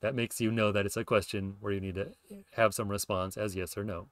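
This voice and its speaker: A man talks through ideas in a relaxed lecture for his podcast, pausing on fillers and correcting himself as he goes. His voice sits on the low side, recorded close and dry with no room sound. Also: no room sound. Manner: thinking aloud, frequent fillers and self-corrections. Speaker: podcast host explaining linguistics. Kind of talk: casual explanatory lecture.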